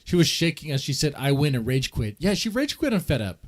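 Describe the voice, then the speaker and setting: A man's voice: a little high, sing-song, fairly quick. A man hosting a live reaction stream, sarcastic and impatient as he comments over a clip.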